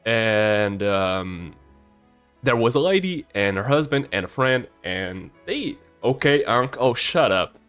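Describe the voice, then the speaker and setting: A man's voice: lowish voice, slow, smooth, faint music behind. A man in his early twenties, a streamer casually telling a story, shy and prone to stammering. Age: early 20s. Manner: shy and stammering, with a swinging, lively delivery.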